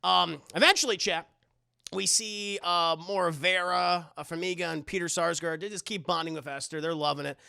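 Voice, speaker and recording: A man's voice: high voice, normal speed, vocal fry, clear, resonant tone, no echo, clean studio sound. A man streaming live, recapping a movie in a rambling, casual, profane way and talking to his chat. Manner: rambling, animated storytelling with filler words. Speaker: streamer doing a movie review.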